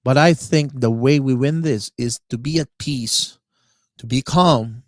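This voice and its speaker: A man hosting a live internet radio show, talking off the cuff with many fillers and pauses while he searches for words. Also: mid-range voice, no echo. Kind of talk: live-stream monologue.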